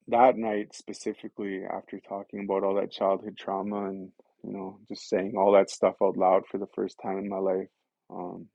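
A man with a low, gravelly voice tells his recovery story as a guest. He talks in an earnest, rambling way, leaning on fillers. The recording is dull and lo-fi, with a dry sound. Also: dark tone, no echo. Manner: earnest and rambling, many fillers like "you know" and "right". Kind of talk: candid personal storytelling.

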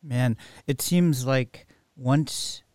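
Guy talking slow and halting, lots of "you know", dry close mic. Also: mid-range voice, a little mellow, dry recording. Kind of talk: reflective recovery conversation.

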